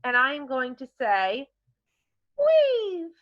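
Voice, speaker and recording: A woman teaching a vocabulary lesson to young children, talking slowly with a bright, rising and falling lilt. She encourages her class warmly and keeps things playful. The recording sounds dull and lo-fi. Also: on the high side, big pitch swings. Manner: encouraging, models words in playful voices. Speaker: elementary school teacher.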